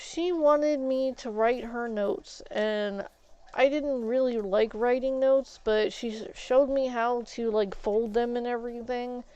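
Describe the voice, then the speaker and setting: A woman's voice: a little high, unhurried, smooth. A young woman streamer casually telling a rambling story from her school days while she plays, acting out the back-and-forth of what people said. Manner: rambling, animated retelling with quoted exchanges. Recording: dull lo-fi stream audio.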